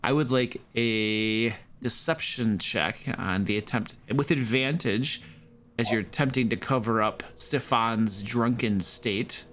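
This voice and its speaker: Male game master, measured and dramatic narration, slow pace. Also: mid-range voice, a bit bright, a little hiss or hum.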